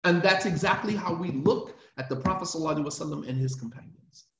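A man's voice: a little high, fast talker. A man, an imam, giving an emphatic, impassioned religious class lecture and driving his points home with repetition. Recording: roomy, dull lo-fi sound.

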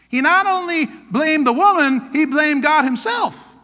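Emphatic male pastor preaching, high bright voice, echoing church hall. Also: lively intonation, measured pace. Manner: emphatic, repeats "come on now" and "hello?". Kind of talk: sermon.

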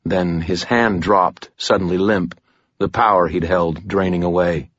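A man reads an audiobook in a steady, measured manner. His voice is low and husky. The recording is dry and a little dull. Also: no echo. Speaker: audiobook narrator. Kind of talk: scripted narration.

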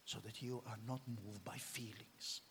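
A man preaching a fiery sermon as pastor, swinging between shouts and hushed whispers. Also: on the low side, fairly even intonation, measured pace, background noise. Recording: long hall reverb.

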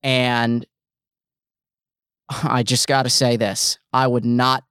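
A man's voice: medium pitch, flat delivery, slow, a bit bright, smooth, dry recording, clean studio sound. A man hosting a sports talk show, giving blunt, emphatic opinions and hammering his points home.

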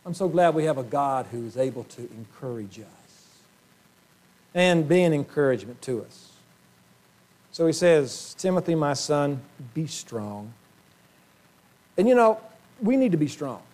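A man preaching in a church with a somewhat high-pitched voice. He speaks earnestly, often pauses to clear his throat, and leans on rhetorical questions to his congregation. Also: very animated, a little mellow. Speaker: pastor. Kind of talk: sermon. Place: church sanctuary.

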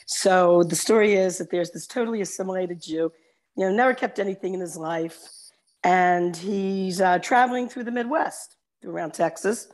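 A woman's voice: fairly low pitch, moderate pace, a little mellow. Chatty rambling woman telling stories. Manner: chatty, rambling, laughs easily. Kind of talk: casual chat and joke telling.

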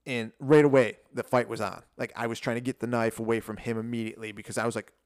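A man in his forties tells a story to an interviewer, animated and rambling, peppering his sentences with "like" and curses. His voice carries a steady gravelly fry at a middling pitch. The sound is dry and close, with no room around it. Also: fast talker, no echo. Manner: animated, rambling, full of "like" and swearing. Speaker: martial arts coach, podcast guest.

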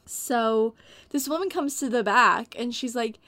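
A woman with a fairly high voice tells long stories from her retail jobs in a loose, rambling way, full of "like" and "dude". The sound is dry and close. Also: moderate pace, pushed and bright, no room sound. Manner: rambling storyteller, heavy on like and dude. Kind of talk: casual podcast chat.

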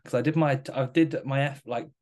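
A man's voice: medium pitch, fairly even intonation, fairly quick, a little mellow. A young man chatting casually and joking along with a friend. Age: young adult. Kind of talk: casual chat.

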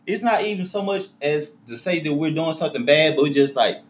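A man talking casually as podcast co-host, often laughing and swinging between loud and quiet. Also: fairly high pitch, expressive, fairly quick. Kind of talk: casual chat. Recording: echoey room with faint noise.

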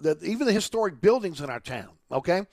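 Talk radio host, middle-aged man. Indignant and stumbling, slightly raised pitch. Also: big pitch swings, fast talker, darkish tone, dry recording, clean studio sound. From New Orleans. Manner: indignant ranting with many repeated restarts.

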